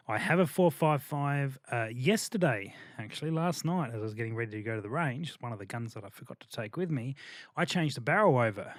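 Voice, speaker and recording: A man hosting a casual podcast chat, chatty and quick to laugh, with plenty of fillers. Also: medium pitch, lively intonation, no room sound, clean studio sound. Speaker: podcast host.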